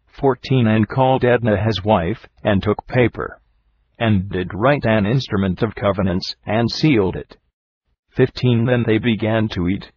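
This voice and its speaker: Man, scripture reading, low voice, muffled recording, faint hiss. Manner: steady measured reading, announces verse numbers. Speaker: scripture reader. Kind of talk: audiobook Bible reading.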